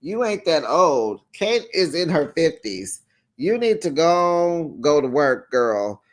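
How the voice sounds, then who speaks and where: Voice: mid-range voice, big pitch swings, slow pace. Sassy recap host talking to viewers. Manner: sassy, talks straight to viewers, acts out quoted lines; laughs readily between remarks. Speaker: reality TV recap channel host. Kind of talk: casual episode recap vlog.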